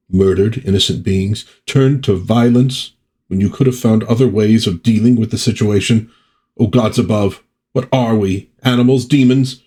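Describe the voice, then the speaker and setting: A man's voice: fairly low pitch, dark tone, close to an everyday voice. A man reading comic dialogue aloud as a grandiose, theatrical male space trader lord.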